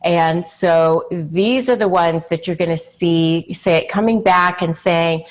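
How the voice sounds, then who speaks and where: A woman with a fairly low voice talks straight to her viewers in an advice-style video. She is conversational and emphatic, leaning on fillers like "you know" and "uh". Now and then she slips into short acted-out quotes. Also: slow pace, hardly any pauses. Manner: acts out quoted pleading lines. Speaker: channel host. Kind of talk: direct-to-camera advice talk.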